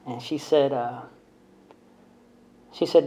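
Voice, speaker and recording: A man's voice: mid-range voice, fairly even intonation, a little slow, long pauses, warm tone. A man telling his recovery story to a group in a blunt, conversational way, often tagging lines with "right?" and "man", with self-deprecating humor. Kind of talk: candid storytelling talk to a group. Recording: dull lo-fi recording.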